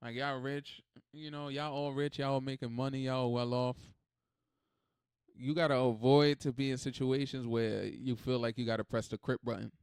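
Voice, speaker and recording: Animated man doing casual reaction commentary. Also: mid-range voice, moderate pace, smooth, no room sound, studio quality. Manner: animated, rambling, swears freely. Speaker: reaction video host.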